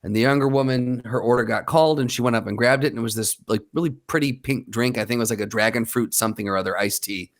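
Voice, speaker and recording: A man's voice: mid-range voice, fast talker, hardly any pauses. A man co-hosting a casual podcast, telling a story and acting out the people in it. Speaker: podcast co-host. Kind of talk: casual chat.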